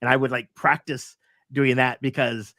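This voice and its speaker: A man's voice: mid-range voice, flat delivery, normal speed, sharp tone, dry recording, studio quality. A man hosting a casual coaching chat, upbeat and rambling with fillers. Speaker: host.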